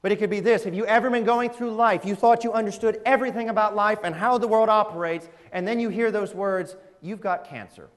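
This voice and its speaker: A man preaching a sermon in a church, animated and conversational, often laughing and asking the audience questions. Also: sits high, fast talker, few pauses. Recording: echoey hall reverb.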